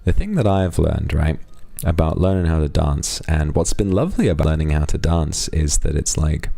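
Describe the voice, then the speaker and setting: A man with a strikingly low, gravelly voice chats with his viewers on a live stream. He thanks donors warmly and drops playful asides. The sound is dark and mellow, and it is close and dry, with no room around it. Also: moderate pace, no echo. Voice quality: very deep, gravelly voice. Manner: warm, affectionate thank-yous with playful asides. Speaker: streamer reading donations. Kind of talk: casual live-stream chat.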